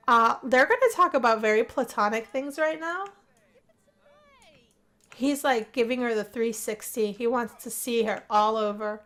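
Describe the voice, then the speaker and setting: A woman giving chatty, excitable commentary as she plays a life-simulation game, gasping and gushing over what happens. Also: fairly high pitch, a little slow. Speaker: gameplay narrator. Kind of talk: casual let's play commentary.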